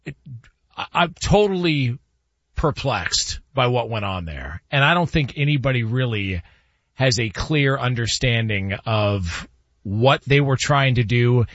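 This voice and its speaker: A man's voice: mid-range voice, measured pace, dry recording, lo-fi sound. A man hosting a casual sports talk show, questioning and sounding baffled. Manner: perplexed, animated questioning with laughs.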